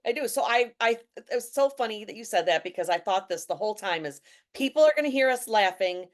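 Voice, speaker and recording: A woman's voice: mid-range voice, lively intonation, quick pace. A woman hosting a casual interview. She talks in a chatty way, often stammering and restarting her sentences. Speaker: host.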